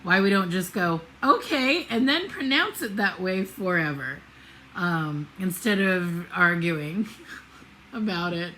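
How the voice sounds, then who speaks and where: A woman's voice: on the low side, expressive, slow pace, bright, forceful tone, a little hiss or hum, low-quality recording. A middle-aged woman vlogging casually about her road trip, digressive and self-deprecating, with many fillers and restarts. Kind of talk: casual rambling vlog.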